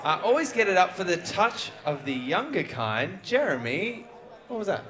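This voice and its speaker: A man hosting a live music trivia show, reading questions briskly and joking with the guests. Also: sits high, very animated, pushed and bright. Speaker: quiz show host. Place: live venue before an audience. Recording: live show with crowd audible. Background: audience crowd.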